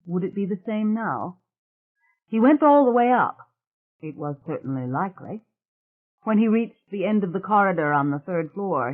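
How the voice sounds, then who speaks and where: An audiobook narrator reading a thriller novel in a measured, even storytelling manner. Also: mid-range voice. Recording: tinny phone-like sound.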